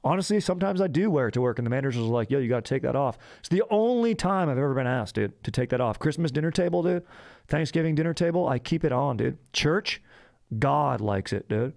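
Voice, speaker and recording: A man's voice: mid-range voice, lively intonation, quick pace, creaky, a little mellow, pitched above the performer's own voice. A man voicing a laid-back young bro in a comic ad read, drawling slang and saying dude after every phrase. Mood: hyped.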